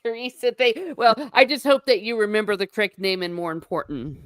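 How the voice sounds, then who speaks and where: A woman co-hosting a podcast in casual chat, animated and playfully scolding. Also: mid-range voice, a little fast, no echo, clean studio sound. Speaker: podcast co-host.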